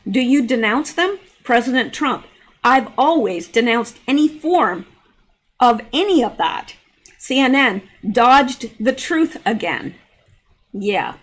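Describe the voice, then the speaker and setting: A woman giving casual, opinionated commentary while reading news posts aloud, chatty, with asides and laughs. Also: a little high. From Canada. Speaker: political commentary vlogger.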